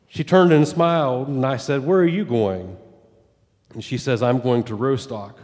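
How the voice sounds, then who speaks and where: A man's voice: mid-range voice, animated, normal speed, a little mellow, long reverb tail. A pastor telling a story in a sermon, voicing quoted dialogue as he goes. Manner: retells a story with quoted dialogue, rising and falling with it.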